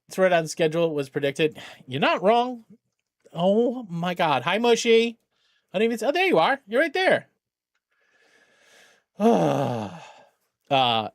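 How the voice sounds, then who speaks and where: Chatty streamer man with a higher voice. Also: no room sound, studio quality. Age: middle-aged. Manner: animated, thinks aloud with many restarts; greets viewers with loud excitement. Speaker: charity streamer. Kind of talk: casual livestream chat.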